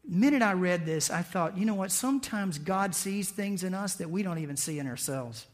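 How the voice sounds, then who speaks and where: A male pastor giving a conversational, animated sermon, acting out the people he quotes. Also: high-pitched, fairly quick.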